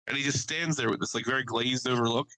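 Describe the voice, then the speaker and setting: A man's voice: mid-range voice, fast talker, pushed and bright, no echo, rough recording. A man on a casual podcast, animatedly telling an anecdote, swearing freely and quoting people he met. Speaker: podcast co-host. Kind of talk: casual storytelling chat.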